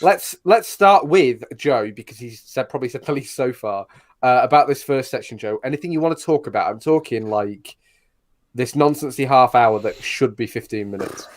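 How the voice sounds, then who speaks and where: A man's voice: medium pitch, expressive, moderate pace. A man co-hosting a casual film podcast, speaking in a wry, laid-back way. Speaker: podcast co-host. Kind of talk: casual chat.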